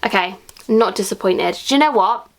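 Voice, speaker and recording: A young woman unboxing and reviewing beauty products in a gushing, excitable way, sometimes dropping to a whisper. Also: medium pitch, normal speed. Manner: gushing, excitable, drops into whispers when thrilled. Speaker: beauty vlogger. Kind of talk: unboxing vlog, casual chat.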